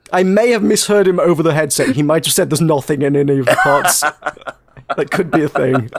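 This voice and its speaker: A man co-hosting a casual podcast chat, telling animated stories with playful acted quotes and frequent laughter. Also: moderate pace, creaky, background noise. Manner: animated storytelling, breaks into laughter, high-pitched playful quotes. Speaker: podcast co-host.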